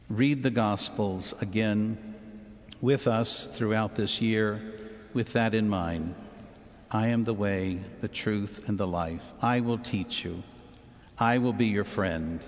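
A man preaching a sermon as a priest, earnest and slow with long pauses. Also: fairly low pitch, a little mellow. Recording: dull sound with long church reverb.

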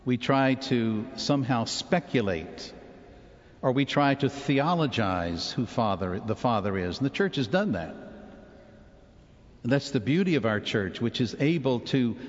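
Man, priest, sermon, slow deliberate delivery, long church echo, dull lo-fi sound. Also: mid-range voice, expressive. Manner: slow, earnest preaching with long pauses.

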